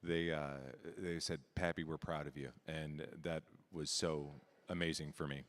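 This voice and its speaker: Older man, interviewee; low, resonant voice, heartfelt, halting with fillers. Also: level tone. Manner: earnest, emotional, with fillers and repeated restarts. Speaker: interviewed auctioneer contestant. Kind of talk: casual interview. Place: live desk at a convention.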